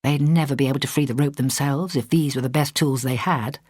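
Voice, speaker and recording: A woman narrating a story in a measured storytelling voice, close to a studio mic. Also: very deep voice, steady tone, a little mellow, slightly rough, dry recording. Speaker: audiobook narrator. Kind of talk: scripted narration.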